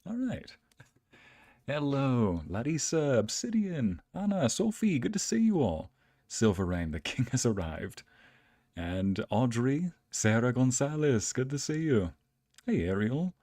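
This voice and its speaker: Streaming from home, a man chats casually and greets viewers by name with playful exclamations. His mid-range voice is sing-song, dark-toned, and a little slow, recorded at studio quality with no echo. He acts as both streamer and narrator.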